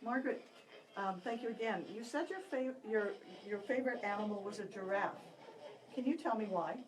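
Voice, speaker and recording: A woman's voice: mid-range voice, brisk, slight background noise, poor audio. Polite woman asking a spirit questions. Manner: polite, grateful, speaks softly to the spirit. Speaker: audience member asking questions.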